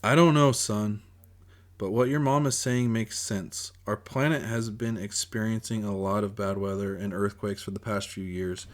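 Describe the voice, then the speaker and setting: A man voicing a steady, resigned father talking to his son in a measured way, in a self-read audiobook. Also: lowish voice, natural voice. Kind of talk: audiobook character voice.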